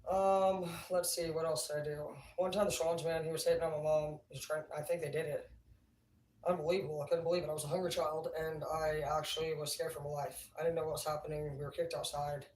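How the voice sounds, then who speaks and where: A woman's voice: sits low, little pitch movement, fast talker, darkish tone, slight background noise. A woman livestreaming, telling rambling stories in a casual, profane, laughing way. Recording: roomy, distant mic, faint ambience.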